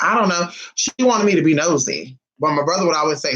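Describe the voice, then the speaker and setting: A man's voice: on the high side, fast, few pauses, a bit bright, poor audio. A man vlogging casually, telling family stories in a sassy, flamboyant and profane way. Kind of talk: casual storytelling.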